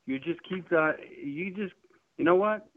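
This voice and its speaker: A man's voice: fairly high pitch, a little slow. A man complaining over the phone, indignant and sputtering, repeating himself. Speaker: prank call target. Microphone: telephone. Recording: tinny phone line.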